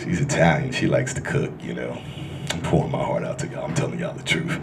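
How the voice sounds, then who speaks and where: A man doing a stand-up comedy set in a club, loud and crude, working the crowd as he tells stories. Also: very deep voice, brisk. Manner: loud, crude, animated storytelling with crowd work. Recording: live club recording with room noise.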